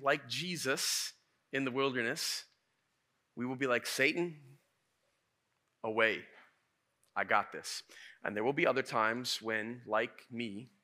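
A man preaching a sermon as a pastor, telling stories in a lively, casual way. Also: medium pitch. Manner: animated, casual storytelling preacher.

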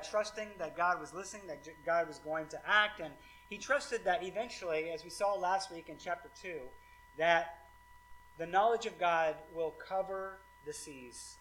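A male pastor with a high voice gives a sermon in a loose, chatty style, full of asides and questions to the room. A faint hum sits under his voice. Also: a bit bright, low-quality recording. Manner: casual and conversational, many fillers like "like" and "right".

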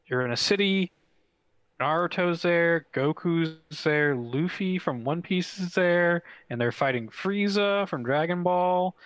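A young man co-hosting a casual gaming podcast, telling stories excitedly with lots of fillers. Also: fairly high pitch, clean tone, dry recording, lo-fi sound. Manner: excitable, fast storytelling with swearing and many fillers. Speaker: podcast co-host.

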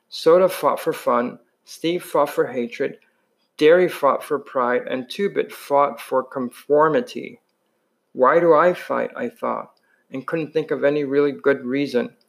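A man's voice: medium pitch, unhurried, gravelly. A man reading a novel chapter aloud in a plain voice, with frequent slips and restarts. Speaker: reader.

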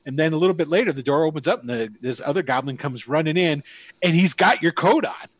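A man's voice: fairly high pitch, fast. Man rambling as a tabletop game master. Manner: rambling, many fillers and restarts.

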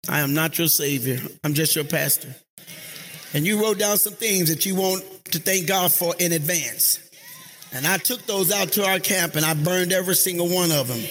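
A pastor preaching a sermon to his congregation, leading call-and-response and drifting into sung, chanted phrases that rise into high shouts. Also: normal speed, slight background noise. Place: church sanctuary.

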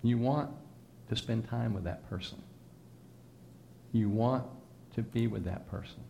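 A pastor delivers a sermon to his congregation in a conversational, teasing style, tossing asides to listeners and leading them in repeated call-and-response phrases. His voice is on the low side, a little slow, gravelly, and warm. A little hiss or hum can be heard.

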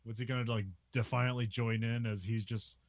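Podcast co-host, male, mid-pitched voice, dry close mic, laughs through his plot summaries. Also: flat delivery, normal speed, dry recording. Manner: laughs often, many fillers, plot summary. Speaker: podcast co-host recapping a film. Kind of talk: casual film recap chat.

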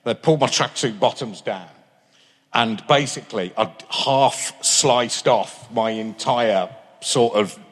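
Man in his fifties, husky, rambling anecdotes, live stage interview, long hall reverb. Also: mid-range voice, slow. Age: 50s. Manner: rambling storyteller, restarts and self-interrupts. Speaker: guest. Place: large concert hall with live audience.

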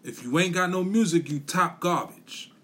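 A podcast host gives a blunt, profane motivational rant, hammering points with repetition and street slang while speaking straight to the listener and swearing freely. His voice is a little high for a man, husky and grainy, bright and forceful, at a normal speed.

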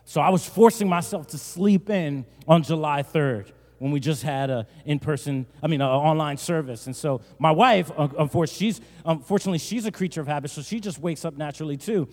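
Joking pastor in a reverberant hall. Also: male voice, fairly high pitch, a little fast, hardly any pauses. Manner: joking storyteller, builds to loud emphatic bursts. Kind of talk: sermon. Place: large church hall. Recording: long church-hall reverb.

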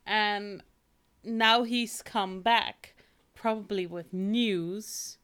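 Slow, bright-voiced woman chatting. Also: medium pitch, steady tone, clean tone. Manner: chatty, amused, lots of fillers. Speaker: podcast co-host. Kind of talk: casual film discussion.

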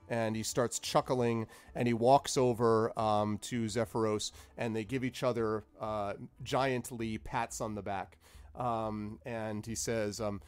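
A man as game master, narrating a tabletop game in a casual, relaxed way with many fillers. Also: fairly low pitch, measured pace, soft background music.

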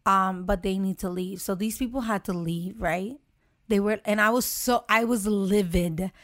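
A young woman in casual chat, telling a story with lively acted-out quotes and frequent swearing. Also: mid-range voice, normal speed. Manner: animated storytelling, acts out quotes, swears freely.

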